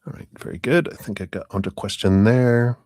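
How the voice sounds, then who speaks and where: A man's voice: fairly low pitch, a little fast, darkish tone, no echo, studio quality. A man hosting a live tarot reading, chatting casually in a rambling way, with lots of "you know" fillers and chuckles.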